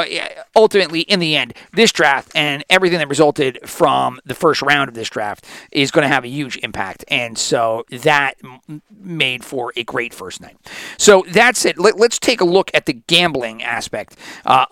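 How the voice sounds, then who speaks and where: A man's voice: medium pitch, creaky, bright, forceful tone, no room sound, studio quality. A man in his forties hosting a sports podcast, rambling and swearing freely with many restarts in a casual monologue. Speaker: podcast host.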